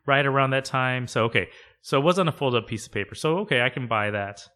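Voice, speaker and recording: A man co-hosting a podcast in casual chat, laughing often and talking in quick bursts. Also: medium pitch, animated, bright, forceful tone. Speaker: podcast co-host.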